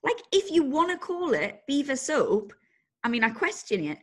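A podcast co-host chats casually, telling stories in an animated way and laughing often. Her voice sits high, at a normal speed.

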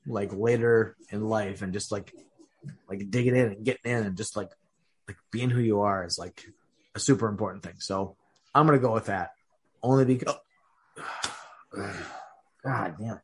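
A man's voice: fairly low pitch, husky. Rambling man with hiccups. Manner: halting, rambling, many fillers. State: has hiccups. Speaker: podcast co-host. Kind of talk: casual chat.

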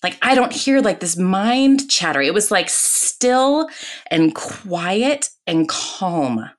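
A woman in her forties, a podcast guest telling her own story in a candid, lively way, often adding "right?" and "like". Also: mid-range voice, slow. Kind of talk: casual personal storytelling.

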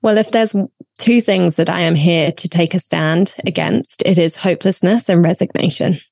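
A woman's voice: on the low side, moderate pace, creaky, darkish tone, slightly rough, no echo. Earnest woman life coach, dry sound. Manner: earnest, encouraging, addresses listener as my friend. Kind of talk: casual interview chat.

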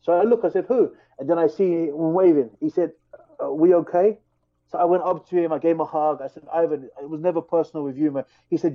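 A man, a fighter, telling a heated story in casual podcast talk, animated and full of restarts. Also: fairly high pitch, fast, lo-fi sound. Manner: animated, fired-up retelling with many restarts.

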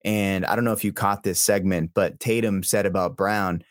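A man co-hosting a sports podcast, telling things in a relaxed, rambling way. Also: sits low, moderate pace, dry recording, studio quality. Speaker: podcast co-host. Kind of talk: casual sports chat.

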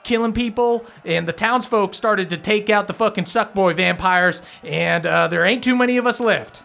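A man voicing a panicky, foul-mouthed vampire man who talks fast and excitably. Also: high voice, creaky, pitched above the performer's own voice, heavily acted. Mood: scheming.

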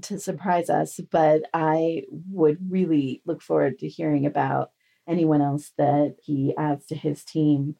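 A woman's voice: sits low, fairly even intonation, measured pace, gravelly, dark tone. A woman co-hosting a casual podcast, talking in an enthusiastic, rambling way. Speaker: podcast co-host.

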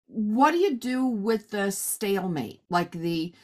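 A woman's voice: mid-range voice, expressive, takes it slowly. A middle-aged woman hosting a casual chat, asking questions in a rambling, conversational way. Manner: chatty, rambling with fillers and restarts, asks questions. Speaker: host.

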